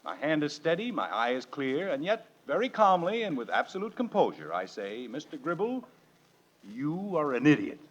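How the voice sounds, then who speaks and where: A man's voice: fairly high pitch, wildly swooping pitch, moderate pace, hardly any pauses, a bit bright, full character voice. An actor playing an exasperated, sarcastic suburban family father in a 1950s radio sitcom. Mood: defiant. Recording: dull old radio broadcast, faint hiss.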